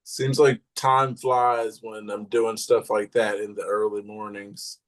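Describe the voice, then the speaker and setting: A man's voice: lowish voice, level tone, slow pace. A man hosting a podcast in casual chat, easygoing and teasing.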